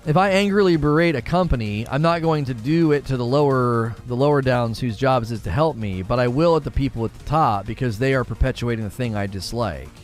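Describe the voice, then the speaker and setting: A man's voice: mid-range voice, brisk, few pauses, soft background music. A man hosting a live gaming talk show, ranting with emphatic opinions. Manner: animated, emphatic opinion rant.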